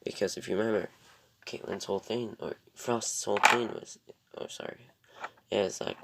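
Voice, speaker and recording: Gravelly mumbling young man reviewer. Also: fairly low pitch, very animated, moderate pace, fairly bright tone, a little hiss or hum. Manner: rambling, hesitant, drifts into mumbled whispers, full of ums. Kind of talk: casual review chat.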